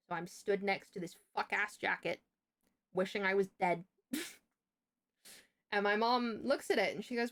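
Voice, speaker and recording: A young woman streamer telling a story in casual chat, animated and profane, laughing and stumbling over her words. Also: medium pitch.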